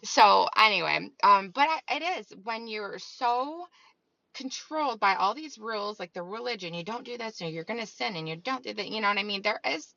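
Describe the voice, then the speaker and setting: A woman's voice: medium pitch, expressive, moderate pace, gravelly, sharp tone, dry recording, muffled recording. A woman host in a casual spiritual monologue, talking in a rambling, meandering way full of fillers. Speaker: channel host.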